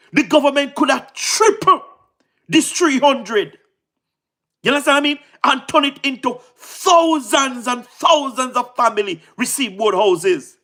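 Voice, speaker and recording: High-voiced Jamaican political talker. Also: a bit bright. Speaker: political commentator. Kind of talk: casual political monologue.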